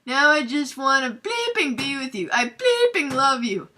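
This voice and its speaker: A woman voicing a melodramatic, lovesick teenage boy wizard in a shrill, sobbing, overwrought way. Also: huge pitch swings, moderate pace, pushed and bright, full character voice.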